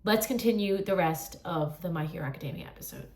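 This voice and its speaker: A woman's voice: on the low side, lively intonation, quick pace, background noise. A young woman in her twenties, chatting casually and gushing emotionally as she reacts to an anime episode, with lots of "like". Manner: gushing, emotional, says "like" often. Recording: roomy echo.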